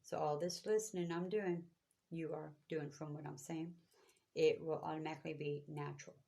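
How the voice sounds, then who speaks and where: A woman's voice: low-pitched, steady tone, moderate pace, creaky, warm tone. A woman giving spiritual guidance to viewers, talking in a preachy, repetitive, emphatic way. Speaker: spiritual reader.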